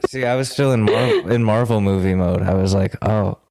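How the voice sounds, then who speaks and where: A man co-hosting a podcast, joking in a laid-back casual chat while high. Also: a little fast, darkish tone, no room sound. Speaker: podcast co-host.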